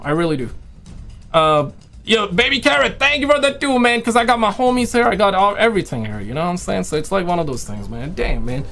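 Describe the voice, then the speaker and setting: A man hosting a casual live stream, rambling excitedly and chatting with viewers while saying he is losing his voice. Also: fairly high pitch. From Quebec, Canada. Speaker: livestream host.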